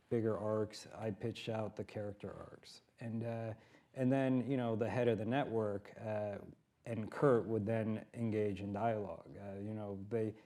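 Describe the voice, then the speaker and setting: Low-voiced man, halting panel talk. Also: warm tone. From Japan. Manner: hesitant, many fillers. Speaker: TV writer on a panel. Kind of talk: panel discussion. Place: conference stage.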